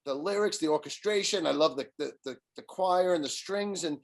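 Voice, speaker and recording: A man chatting casually as a guest, excited and repeating words as he starts his sentences. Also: fairly high pitch, brisk, gravelly. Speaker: guest musician. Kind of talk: casual chat.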